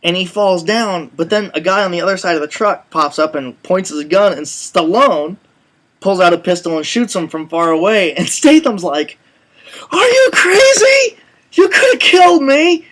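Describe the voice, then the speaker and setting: A man co-hosting a casual web show, telling stories in an animated way and swearing now and then. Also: high voice, moderate pace. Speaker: co-host. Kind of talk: casual chat.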